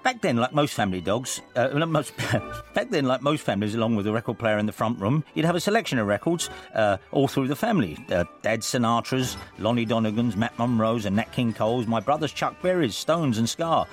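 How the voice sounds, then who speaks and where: A man's voice: medium pitch, animated, a little fast, faint music behind. An older man hosting a radio show, telling a rambling story in casual chat. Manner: chatty storyteller, rambling with restarts.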